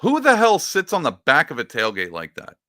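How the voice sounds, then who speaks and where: A man talks through a casual reaction commentary with a bright, forceful edge to his voice. His pitch swings up and down freely as he mocks what he is watching. The sound is close and dry, with no room around it. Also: huge pitch swings, normal speed, no echo. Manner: sarcastic, mocking, rambling. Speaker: political commentary host.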